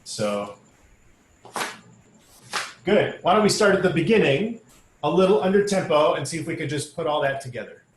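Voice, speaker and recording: A man's voice: a little high, sing-song, moderate pace, pauses often, reverberant, background noise. A man leading an online choir rehearsal, explaining diction and singing short demonstration phrases. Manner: sings demonstration phrases between spoken instruction. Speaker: choir director. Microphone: video call.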